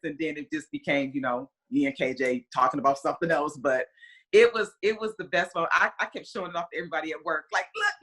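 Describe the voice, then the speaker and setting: A woman in her forties, a player's mother, telling a story in a casual interview, rambling with lots of "you know" and acting out the conversations she recounts. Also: fairly low pitch. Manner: animated, re-enacts conversations in quoted voices.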